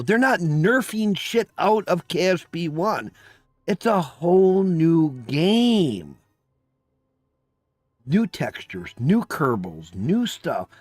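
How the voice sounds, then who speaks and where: A man's voice: high-pitched, no room sound. A man chatting casually on a live stream, emphatic and profane, ranting with exasperation.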